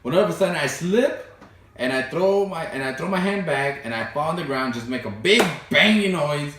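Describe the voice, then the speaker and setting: A young man vlogging, telling childhood stories in a loose, animated way, full of fillers and laughs. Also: a little high, moderate pace, heavy reverb, recorded from a distance, noisy background. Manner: animated, laughs often, fillers like "you know" and "right". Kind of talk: casual storytelling to camera.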